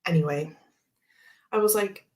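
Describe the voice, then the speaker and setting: A woman's voice: on the low side, a little slow, a little mellow. A woman hosting a casual chat, telling a rambling story full of fillers and frequent laughs. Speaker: tarot channel host.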